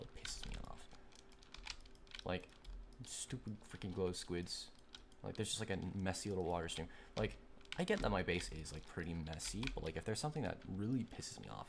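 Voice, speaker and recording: A young man chats loosely while streaming a game, rambling through fillers and quick gripes. His low voice has a gravelly edge. The mic is noisy, with typing and keyboard clicks behind him. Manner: rambling, filler-heavy, easily irritated. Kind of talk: casual gaming stream chat. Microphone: desk microphone.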